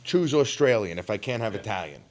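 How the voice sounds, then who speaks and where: A man's voice: on the low side, fairly quick. A man with a New York accent co-hosting a podcast, talking casually and arguing with his co-hosts. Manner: animated, heckling and arguing. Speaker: podcast co-host. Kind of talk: casual chat.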